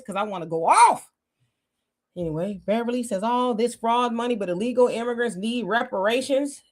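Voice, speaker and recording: A woman's voice: on the high side, lively intonation, moderate pace. A woman co-hosting a casual political livestream, reading viewer comments aloud and reacting heatedly. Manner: heated, exclamatory, talks to viewers as y'all.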